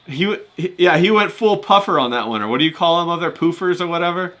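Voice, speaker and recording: A man's voice: fairly high pitch, animated, pushed and bright. A man chatting casually on a podcast, easygoing and agreeable, telling travel stories. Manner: easygoing, agreeable, quick to laugh along. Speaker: podcast co-host. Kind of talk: casual chat.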